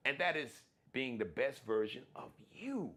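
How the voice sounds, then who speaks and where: A man hosts his own live-streamed talk show in a folksy, animated manner packed with shout-outs and plugs. His voice is medium-pitched and his pace unhurried.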